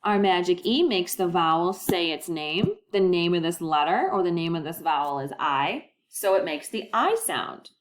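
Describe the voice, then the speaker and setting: A woman teacher giving a recorded phonics lesson, slow and deliberate, stretching out the model words and praising often. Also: on the low side, lively intonation. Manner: encouraging, sing-song classroom delivery.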